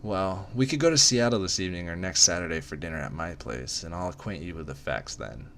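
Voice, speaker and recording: A brooding, controlling rich young man, played by a man in an amateur dramatic reading. His very deep voice stays low and hushed, smooth and quiet. A faint hiss of background noise sits under it. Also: expressive, a little fast, exaggerated voice.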